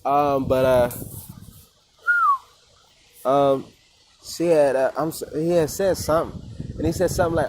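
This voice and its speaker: Vlogger, male, slightly high voice, loose rambling rant full of swearing and fillers. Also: fairly even intonation, a little slow, long pauses, background noise. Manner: rambling, profane, many fillers and restarts. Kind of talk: casual rambling vent.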